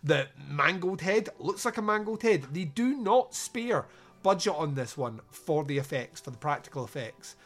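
A man hosts a podcast reviewing a movie, chatting casually and sarcastically with frequent laughs and quick asides. His voice is on the high side, very animated and a bit bright.

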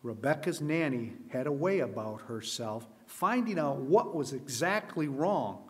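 A man's voice: mid-range voice, lively intonation, a little slow. Earnest man reading a story aloud. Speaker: storyteller at a camp meeting.

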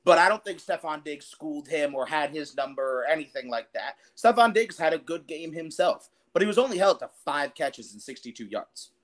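A man co-hosting a casual sports podcast, with a voice a little higher than most men's. He rants in fast, animated runs, and profanity runs through almost every sentence. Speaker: podcast co-host.

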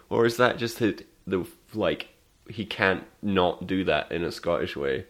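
A man in casual chat, ranting in an animated way and swearing freely. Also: low-pitched, normal speed.

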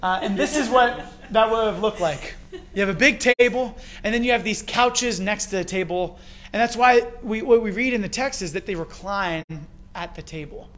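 A Canadian man preaching a sermon, retelling a story with rhetorical questions and lively emphasis. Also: high-pitched, moderate pace. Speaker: pastor.

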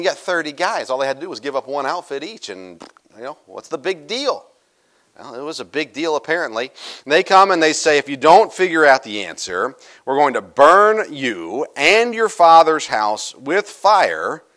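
A middle-aged male pastor preaching a sermon in a casual, joking storytelling manner with quick asides. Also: medium pitch, fairly bright tone.

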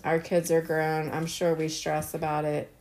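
A woman's voice: deep voice, completely flat delivery, moderate pace, darkish tone. A middle-aged woman co-hosting a podcast, chatting earnestly and telling stories with lots of fillers. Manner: earnest, storytelling, many fillers. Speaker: podcast co-host. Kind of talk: casual chat.

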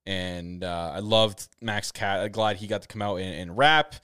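Canadian guy hosting a chatty podcast, lowish smooth voice, dry sound, gets excited and trips over his words. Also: moderate pace, no room sound. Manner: excitable, rambling, many restarts. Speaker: podcast host. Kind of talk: casual chat. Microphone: camera setup on a video call.

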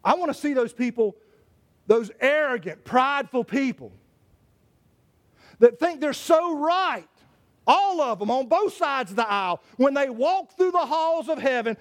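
High-voiced impassioned male pastor preaching. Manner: impassioned preaching with repetitions and restarts. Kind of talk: sermon.

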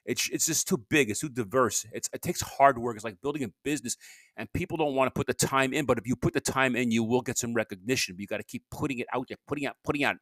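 A man's voice: mid-range voice, fast, fairly bright tone, dry recording. A man hosting his own solo podcast, rambling in a loose monologue, restarting sentences and grumbling in asides. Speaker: podcast host.

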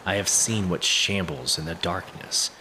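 Man reading letters, very low voice, measured delivery, noisy backdrop. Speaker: reader of community letters. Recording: steady background noise.

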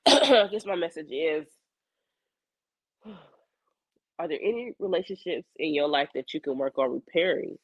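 Hoarse, coughing woman journaling candidly. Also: deep voice, a little slow, pauses often, dry recording, muffled recording. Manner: candid, rambling, colloquial, reflective. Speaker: psychic medium keeping a video journal. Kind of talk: personal video journal.

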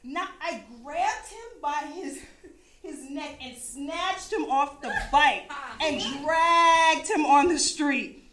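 A woman from the East Coast of the USA telling a personal story in a casual, animated way, laughing often and swearing freely. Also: high voice, slow pace, a crowd in the background.

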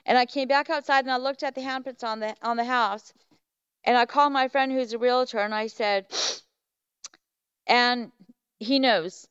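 A woman guest on a podcast telling a personal story in a casual, animated way, acting out what people said. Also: on the high side, normal speed, pauses often, smooth, dry recording. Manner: animated, acts out quoted voices. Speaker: podcast guest, Bigfoot researcher. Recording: dull lo-fi, dry.

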